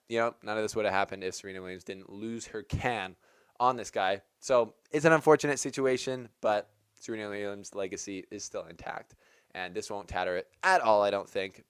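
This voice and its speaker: A man's voice: fairly low pitch, a bit bright, smooth, no echo, studio quality. A man hosting a tennis channel, giving casual opinion commentary in a chatty, rambling way with lots of "like". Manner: chatty, rambling, heavy use of "like".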